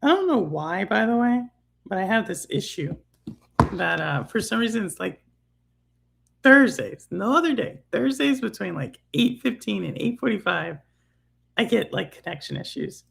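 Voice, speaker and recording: Chatty woman with a gravelly edge. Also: medium pitch, very animated, moderate pace, a little hiss or hum. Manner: rambling, chatty, teasing. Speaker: podcast co-host. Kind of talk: casual chat. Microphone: remote online call.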